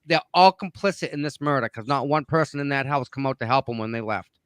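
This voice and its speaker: A man's voice: on the high side, smooth, no echo. Emphatic man with a Boston accent. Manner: animated, emphatic, repeats points. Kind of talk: livestream discussion.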